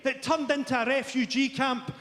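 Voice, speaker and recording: A Scottish man in his forties doing a stand-up routine before a live audience, delivering dry, dark one-liners with sharp punchlines. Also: extremely high pitch, steady tone, normal speed, very noisy. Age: 40s. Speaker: stand-up comedian. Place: large theatre stage. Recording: echoey theatre stage with roaring crowd.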